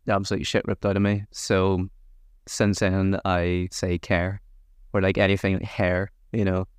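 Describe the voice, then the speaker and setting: A man's voice: low-pitched, completely flat delivery, moderate pace, clean tone, dry recording, studio quality. A man chatting as a podcast guest, telling easygoing anecdotes. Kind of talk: casual chat.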